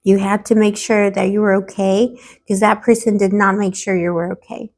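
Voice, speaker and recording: Hoarse woman giving an affectionate tarot reading. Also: mid-range voice, little pitch movement, moderate pace, a little mellow. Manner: affectionate, calls the viewer boo-boo and baby; dramatic, playful asides. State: hoarse, losing her voice. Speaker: tarot reader.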